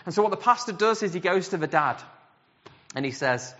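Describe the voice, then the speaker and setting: A man preaching a sermon, telling a story in an animated way and acting out the voices he quotes. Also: high-pitched, fairly quick. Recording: dull sound with long hall reverb.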